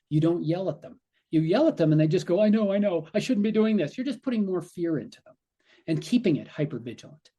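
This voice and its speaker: A man with a mellow, slightly husky voice explains things in conversation as a physician guest. He slips into quoted asides to voice what the brain might be saying. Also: fairly high pitch.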